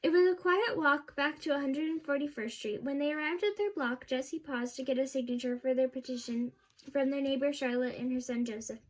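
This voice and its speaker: A woman reading a children's novel aloud, steady storytelling with small slips and restarts. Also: high-pitched, brisk. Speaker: audiobook reader.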